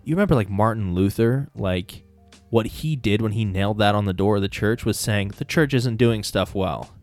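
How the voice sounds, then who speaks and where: A man's voice: on the low side, normal speed, darkish tone, soft background music. A man hosting a casual faith podcast, talking earnestly and rambling with many "like" fillers. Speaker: podcast host.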